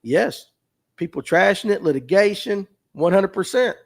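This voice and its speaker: A man in his fifties with a thick North Georgia drawl and a somewhat high-set voice hosts a casual fishing livestream. He talks in a folksy, chatty way and answers viewer questions as they come in. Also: expressive, moderate pace, creaky. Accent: North Georgia Southern drawl. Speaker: fishing show host. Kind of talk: casual livestream talk reading viewer comments.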